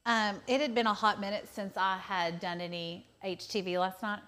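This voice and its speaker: A woman's voice: mid-range voice, fairly even intonation, normal speed, fairly bright tone. A woman with a Southern US accent, co-hosting a crafting live stream in casual, self-deprecating chat. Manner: self-deprecating, laughs often. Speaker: craft demo co-host.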